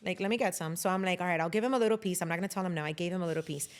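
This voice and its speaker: A woman in her thirties chatting as a podcast guest, an animated storyteller who swears casually and drops Spanish words into her English. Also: fairly low pitch, racing, smooth.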